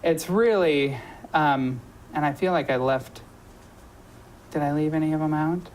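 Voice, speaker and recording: A woman's voice: sits low, unhurried, a little mellow, a little hiss or hum, rough recording. A woman hosting a local talk show, chatting casually with lots of ums and restarts. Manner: chatty, many ums and self-corrections. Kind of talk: casual promotional chat.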